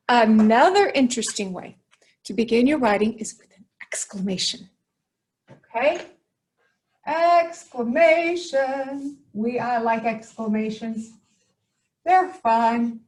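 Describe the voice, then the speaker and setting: A woman teacher giving an upbeat writing lesson to young students, explaining slowly and stressing key words. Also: a little high, a little mellow, slightly rough.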